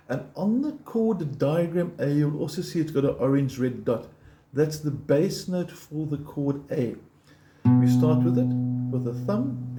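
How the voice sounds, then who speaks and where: A man teaching a guitar lesson, explaining picking step by step in a patient, encouraging way and counting beats aloud. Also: medium pitch. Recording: roomy sound with loud guitar playing.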